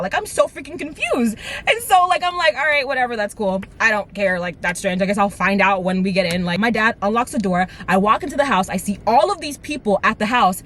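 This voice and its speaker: A woman in her twenties telling a dramatic storytime vlog to her viewers, with lively asides. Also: fairly high pitch, slight background noise. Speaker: vlogger. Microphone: camera mic.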